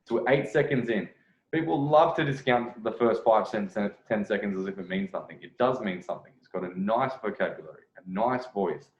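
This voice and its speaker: Male dating coach talking over a clip, low-ish voice, rambling and self-correcting, lo-fi echoey room sound. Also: a little fast. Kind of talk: video commentary.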